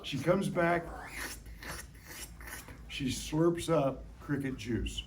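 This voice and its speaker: A man's voice: fairly high pitch, extremely slow, a little hiss or hum. A middle-aged man giving a hands-on science demonstration to a classroom of young children, playful and jokey, coaxing them with questions. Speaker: science educator. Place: elementary school classroom.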